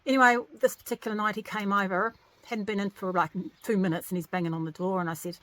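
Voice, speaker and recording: A woman vlogger, a single working mother, telling a story to camera in a casual, exasperated, animated way. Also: medium pitch, fast, dry recording. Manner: animated, venting, exasperated retelling.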